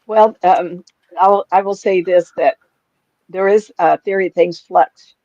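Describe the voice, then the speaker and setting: A woman's voice: lowish voice, fairly even intonation, unhurried, mellow, no echo. Older lady medium on a video call, chuckles a lot, kinda muffled and dull sound. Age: 70s. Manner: rambling storyteller, chuckles often. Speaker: psychic medium guest. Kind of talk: casual chat on a video call. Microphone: webcam on a video call.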